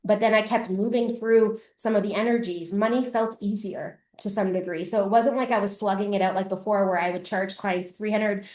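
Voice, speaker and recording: A middle-aged woman from Canada hosts a live masterclass and tells her story with blunt, profane candor. She keeps her voice at an ordinary middle pitch. The sound has a roomy echo around it. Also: steady tone, a little fast, few pauses, darkish tone. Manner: candid, swears freely, acts out past selves. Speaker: podcast host and coach. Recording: echoey room.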